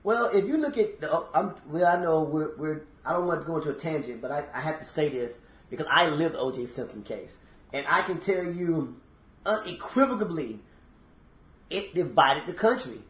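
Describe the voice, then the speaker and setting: A man co-hosting a podcast, telling stories with emphasis and speaking straight to his listeners. His voice sits a little high, and the room gives it a noticeable echo. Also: expressive, moderate pace, a bit bright. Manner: emphatic storyteller, addresses listeners as y'all. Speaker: podcast co-host. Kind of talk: casual chat.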